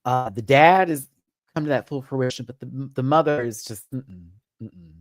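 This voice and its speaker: Expressive man host, casual streaming rant, swears freely, close dry mic. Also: mid-range voice, normal speed, dry recording. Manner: animated and expressive, swears, acts out quotes. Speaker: live-stream show host.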